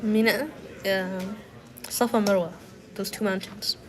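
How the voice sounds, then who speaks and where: A woman's voice: medium pitch, fairly even intonation, a little slow, noisy background. A young woman with a stuffy, nasal cold and a cough, chatting casually and rambling to her live stream viewers from a university building, full of fillers as she thinks aloud. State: sick, nasal and congested with a cough. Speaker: study livestreamer.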